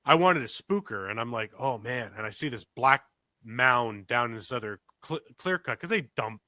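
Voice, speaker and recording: Animated, bright-voiced storyteller man. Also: moderate pace, dry recording. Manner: animated storyteller, acts out quotes with big pitch jumps; swears casually, many restarts. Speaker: podcast co-host. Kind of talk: casual storytelling chat.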